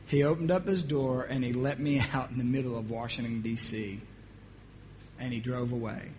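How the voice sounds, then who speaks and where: A middle-aged man from New Jersey preaching a sermon, telling his own testimony in an animated, humorous storytelling way. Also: medium pitch, normal speed, slight background noise.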